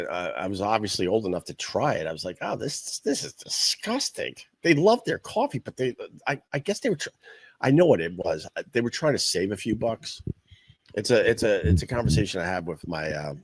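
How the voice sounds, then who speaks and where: A middle-aged man from Long Island hosts a livestream, rambling bluntly and swearing freely in a deep, low voice. The sound is dry and close, with no room around it. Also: slightly rough, no echo. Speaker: podcast host. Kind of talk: casual livestream chat.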